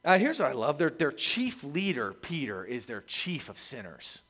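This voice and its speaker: A man preaching a sermon, telling stories in a lively, animated way. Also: medium pitch, moderate pace, long reverb tail. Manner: lively, animated storytelling with laughs. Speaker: pastor.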